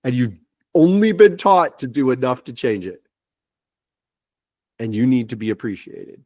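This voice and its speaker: Halting, reassuring man on a video call. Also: medium pitch, sing-song, mellow, dry recording, studio quality. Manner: reassuring, halting with frequent restarts. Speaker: spiritual guide giving readings. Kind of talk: gentle spiritual counseling over a video call.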